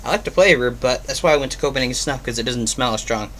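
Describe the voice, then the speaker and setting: A man's voice: mid-range voice, fast, a bit bright, a little hiss or hum. A man giving a casual video review, rambling with many ums and uhs. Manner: rambling, filler-heavy, offhand. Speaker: product reviewer.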